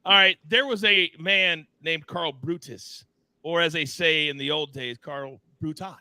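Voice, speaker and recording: Bright-voiced playful sports show host. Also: male voice, on the high side, measured pace, no room sound. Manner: playful, teasing, animated. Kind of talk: live sports betting show banter.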